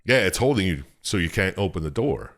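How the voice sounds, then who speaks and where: A man's voice: deep voice, sing-song, fairly quick, a bit bright. A man co-hosting a podcast, loosely retelling a story in casual chat, swearing freely and laughing often. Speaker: podcast co-host. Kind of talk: casual chat recapping a video game.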